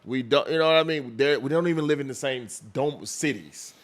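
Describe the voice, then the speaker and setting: A record label executive speaks in a casual interview, animated and frequently restarting his phrases. His voice is mid-range and fairly quick.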